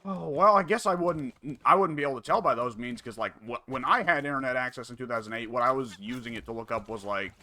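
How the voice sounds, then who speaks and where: A man in his twenties chatting casually with a friend while gaming, relaxed and quoting comedy lines. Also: medium pitch, fast, hardly any pauses.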